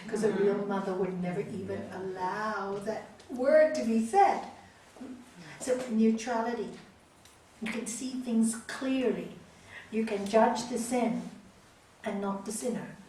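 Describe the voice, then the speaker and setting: A woman yoga teacher lectures a group with lively, animated storytelling, her voice a little high. She sits far from the mic in a reverberant hall with faint noise underneath.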